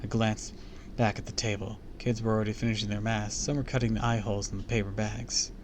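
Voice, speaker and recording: A man's voice: fairly low pitch, little pitch movement, a little fast, background noise. A man reading a book aloud on a live stream, with small slips and casual asides to his chat.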